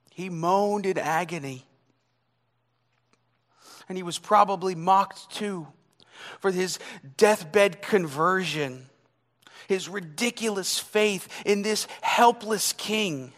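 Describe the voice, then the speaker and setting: A man preaching a sermon, dramatic, swinging between loud emphasis and hushed, near-whispered lines. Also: sits high, extremely slow, pauses often. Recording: long hall reverb.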